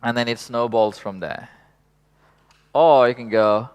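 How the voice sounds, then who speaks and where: A man leading a workshop in an unhurried, reflective way, laughing softly now and then and swearing casually. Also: on the low side, steady tone. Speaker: workshop facilitator.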